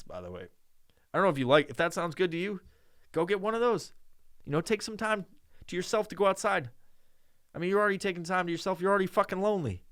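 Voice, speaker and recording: A man's voice: high voice, fairly bright tone, no room sound, clean studio sound. Foul-mouthed ranting podcast man. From New York. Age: adult with a child. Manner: profane, ranting, joking. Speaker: podcast host. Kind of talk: podcast monologue.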